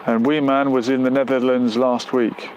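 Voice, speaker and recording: A man's voice: medium pitch, flat delivery, normal speed, a little mellow, lo-fi sound, slight background noise. Rambling man chatting on a live stream. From United Kingdom. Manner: rambling, musing aloud with frequent fillers. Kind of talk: casual live-stream chat, reading viewer comments. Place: outdoors near a road during a storm.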